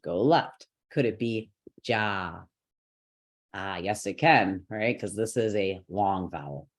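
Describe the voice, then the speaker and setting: A man's voice: lowish voice, expressive, slow pace. A man teaching a chant lesson online, explaining the rules patiently step by step, with light laughs now and then. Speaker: yoga and mantra teacher.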